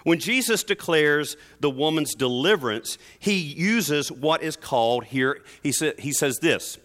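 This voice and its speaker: A man preaching a sermon, moving between soft explanation and emphatic stresses. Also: fairly high pitch, expressive, a little slow. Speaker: pastor.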